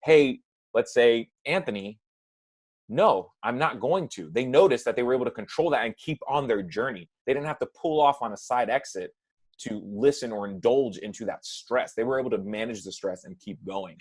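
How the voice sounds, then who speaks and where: Guy coach chatting on a podcast, mid-pitched, keeps saying right? and like. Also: a little fast. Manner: relaxed, says "right?" and "like" often. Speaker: nutrition coach. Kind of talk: casual podcast chat.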